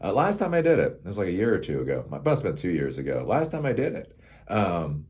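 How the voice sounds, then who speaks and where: Man, middle-aged, low voice, lively swings in pitch, sarcastic rambling commentary. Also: quick pace, husky. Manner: sarcastic, animated, laughs at his own jokes. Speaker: host of a tech commentary show.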